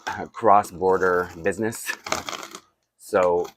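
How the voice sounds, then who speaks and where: Tired guy w/ a lowish voice, rambling unboxing chat, lots of little asides. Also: fairly even intonation, slow, slight background noise. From Canada. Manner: chatty and rambling, with frequent laughs and asides. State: tired and groggy. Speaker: toy collector vlogger. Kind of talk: casual unboxing vlog.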